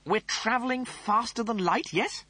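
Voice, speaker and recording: A man's voice: very high voice, unhurried, pushed and bright, dry recording, voice pushed up, exaggerated voice. A man voicing a pompous, snappish male officer, fussy and indignant, in a storybook reading. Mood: exasperated.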